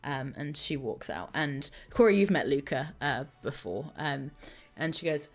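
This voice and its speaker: A woman's voice: deep voice, lively intonation, a little slow, soft background music. Chatty woman running a game. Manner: loose, chatty, lots of fillers. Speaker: game master. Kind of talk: narrating a tabletop game.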